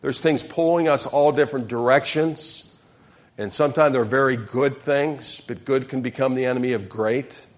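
A man's voice: mid-range voice, normal speed. A man preaching a sermon as pastor, leading call-and-response with his congregation and speaking emphatically.

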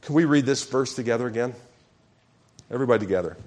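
A man's voice: medium pitch, lively intonation, fast talker, darkish tone. A man preaching a sermon as pastor, calling questions out to the congregation and acting out sample prayers.

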